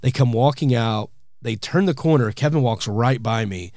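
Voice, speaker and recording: A man, a comedian and podcast host, telling animated stories in casual chat and acting out the people he quotes. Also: mid-range voice, moderate pace, no echo, clean studio sound. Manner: animated storyteller, acts out quotes.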